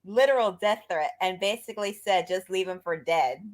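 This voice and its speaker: A woman's voice: on the low side, moderate pace. A woman co-hosting a wrestling review show, chatting casually and arguing her points firmly. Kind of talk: casual chat.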